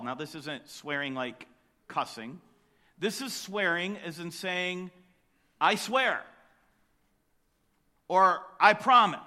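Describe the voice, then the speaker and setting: A man preaching a sermon, emphatic, with loud rising bursts on key lines. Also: sits high, animated, slow, pauses often, long reverb tail. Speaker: pastor.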